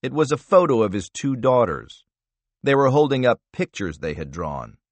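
A man reading a thriller audiobook in an expressive, measured narration style. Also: medium pitch, no echo.

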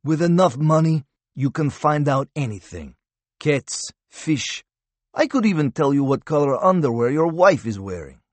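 A man's voice: fairly high pitch, expressive, normal speed, no echo, voice pushed up, natural voice. A man voicing a smug, menacing Russian captive who hisses threats, in an audiobook. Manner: threatening, hissing.

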